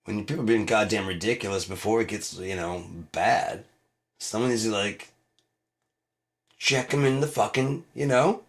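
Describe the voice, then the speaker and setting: A man around fifty from the United States, ranting casually as a show host. He swears constantly, rambles loosely and breaks into loud laughing outbursts. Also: lowish voice, normal speed.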